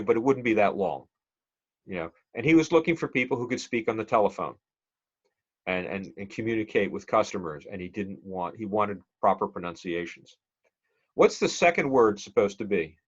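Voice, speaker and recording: A man's voice: fairly low pitch, expressive, fairly quick, slightly rough, dull audio. A male instructor giving a conversational, digressive classroom lecture and quizzing the class with questions.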